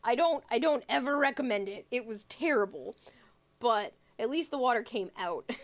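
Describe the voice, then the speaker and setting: A woman's voice: on the high side, fairly bright tone. A woman streamer chatting casually with viewers, telling funny family stories with frequent laughter and reading comments aloud. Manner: giggly storytelling, reading chat aloud.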